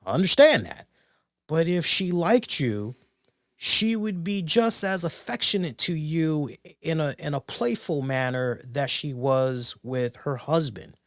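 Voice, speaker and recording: A man's voice: on the high side, animated, measured pace, dry recording, studio quality. A man co-hosting a casual talk show, rambling through stories with lots of restarts and "you know"s. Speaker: co-host. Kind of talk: casual podcast chat.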